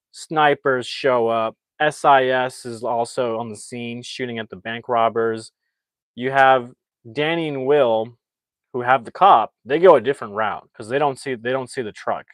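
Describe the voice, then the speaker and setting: Rambling, excitable male movie reviewer. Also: mid-range voice, dry recording. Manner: rambling, excitable, frequent restarts and "like". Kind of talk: casual spoken movie recap.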